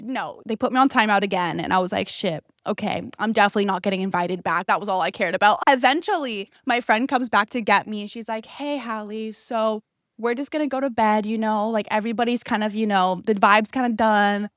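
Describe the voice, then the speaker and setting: A young woman hosting a podcast, telling a story in a casual, animated way, swearing freely and acting out the people she quotes. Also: fairly high pitch, fairly quick, no echo, clean studio sound. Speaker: podcast host.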